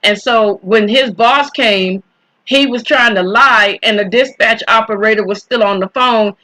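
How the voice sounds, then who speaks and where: A woman telling a personal story in a casual, indignant, conversational way, often clearing her throat. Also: fairly high pitch, unhurried, bright, forceful tone, low-quality recording.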